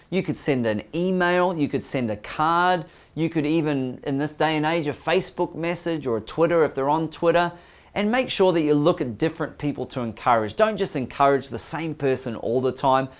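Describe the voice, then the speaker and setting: A man with a slightly raised pitch gives a casual Christian teaching talk. He speaks conversationally and acts out the quotes as he goes. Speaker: Christian teaching show host.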